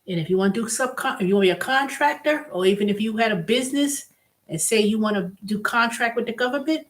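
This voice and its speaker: A woman's voice: on the high side, expressive, fast. Blunt, emphatic woman vlogger ranting. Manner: blunt, emphatic, swinging from exasperated to delighted. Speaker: vlog host. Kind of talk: casual solo rant.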